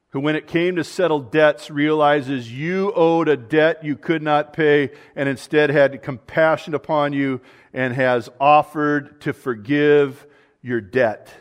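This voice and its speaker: A man preaching a sermon in an earnest voice, building to loud emphasis and dropping to quiet asides. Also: a little high. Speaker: pastor.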